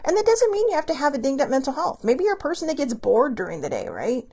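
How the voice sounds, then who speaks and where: Lady host just chatting solo, kinda high voice with lots of fry, open and emotional. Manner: candid and emotional, swears casually; animated, many quick asides. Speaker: podcast host. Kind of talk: casual solo talk.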